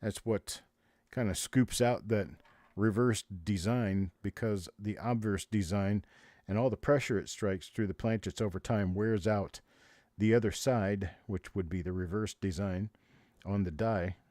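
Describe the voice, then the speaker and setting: A man running a live coin auction, chanting bid after bid in quick repeated calls and pausing to explain the coins. His voice is low and mellow, recorded close and dry with no room sound. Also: fairly even intonation, no echo. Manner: rapid repetitive auction calling of bids. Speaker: auctioneer host.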